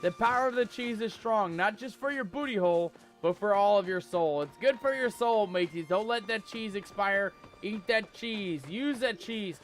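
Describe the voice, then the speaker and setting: A man streaming a game live, joking in mock pirate talk, reading the game's text aloud and shouting out in surprise. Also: high voice, moderate pace, hardly any pauses, faint music behind. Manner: laughs often, exclaims loudly.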